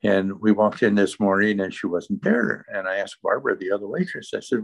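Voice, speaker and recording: Low-voiced man telling his story. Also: brisk, gravelly, rough recording. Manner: earnest, detailed step-by-step storytelling. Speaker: guest sharing a recovery testimony. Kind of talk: personal storytelling interview.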